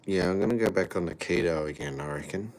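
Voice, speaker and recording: A man's voice: low-pitched, fast talker. A man hosting a casual livestream chat, laid-back and profane, talking to viewers over a few beers.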